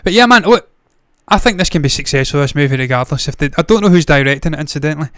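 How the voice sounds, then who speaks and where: A man's voice: a little high, expressive, rapid-fire, a bit bright. A man hosting a movie news show, talking casually with blunt, profane opinions and frequent tangents. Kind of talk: casual solo commentary.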